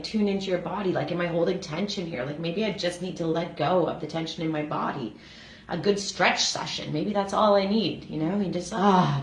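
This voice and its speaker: A woman's voice: fairly low pitch, fairly bright tone. Earnest woman in an echoey room. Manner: earnest, heartfelt, many fillers like "um" and "like". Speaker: energy healer and breath facilitator. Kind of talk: reflective self-help reading and chat.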